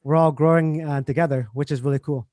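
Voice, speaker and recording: A man hosting a casual interview, talking in a relaxed way with lots of fillers. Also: on the high side, fast, dry recording. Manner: relaxed, filler-heavy talk. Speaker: host.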